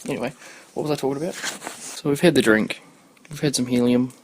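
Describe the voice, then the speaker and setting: A man's voice: mid-range voice, fairly even intonation, brisk, very noisy. A man in his twenties hosting a podcast, chatting casually in a rambling way, swearing freely and losing his thread. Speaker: podcast host.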